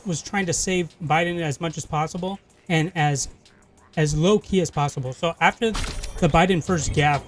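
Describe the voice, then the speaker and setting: High-pitched guy cussing and ranting hard while gaming, faint music behind. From California. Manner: profane, heated ranting. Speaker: gaming channel host. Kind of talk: casual rant while streaming a game.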